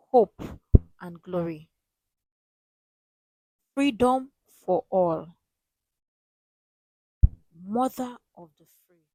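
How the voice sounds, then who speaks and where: A woman's voice: on the high side, no echo, low-quality recording. A woman hosting a reaction video, giving emphatic casual commentary and repeating her key phrases.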